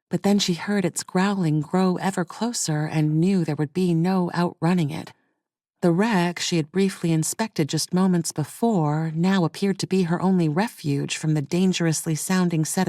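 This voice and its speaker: A woman narrating a thriller audiobook with a voice a little lower than most. She tells the story in a measured, even way. The recording is close and very dry. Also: no room sound. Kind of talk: scripted narration.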